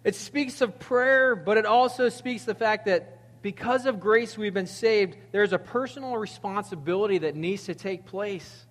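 A man's voice: high-pitched, moderate pace. Man preaching in a reverberant church. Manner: conversational, animated preaching with acted-out quotes. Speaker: pastor. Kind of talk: sermon.

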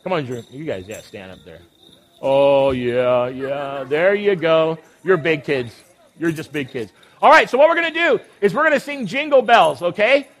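A man's voice: a little high, animated, normal speed, fairly bright tone. A man leading a children's Christmas program on a church stage, upbeat and coaxing, teasing the kids as he goes. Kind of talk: lively emcee talk to children on a stage.

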